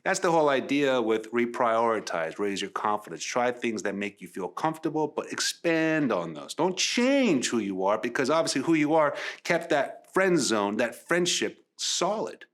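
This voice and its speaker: Energetic man coaching women on dating. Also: mid-range voice, moderate pace, few pauses. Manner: animated storyteller who acts out dialogue; emphatic, repeats phrases for stress. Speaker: love coach.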